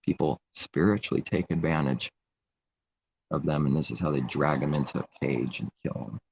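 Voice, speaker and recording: A man's voice: very deep voice, normal speed, gravelly, a little mellow, dull audio, slight background noise. A man giving an informal, rambling sermon in a conversational way. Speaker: preacher. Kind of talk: informal live-stream sermon.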